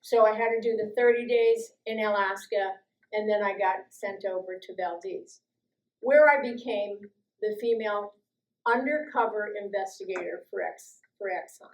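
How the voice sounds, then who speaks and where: An older woman from the US East Coast telling personal stories to an audience, lively and quick to act out other voices. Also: medium pitch, dull audio. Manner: lively, acts out quoted voices, laughs often. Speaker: guest speaker sharing life stories. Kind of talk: personal storytelling talk.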